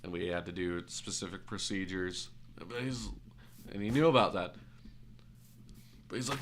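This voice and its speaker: A man's voice: deep voice, normal speed, pauses often, slight background noise. A man streaming a game while telling a rambling, self-correcting story in casual, occasionally profane speech.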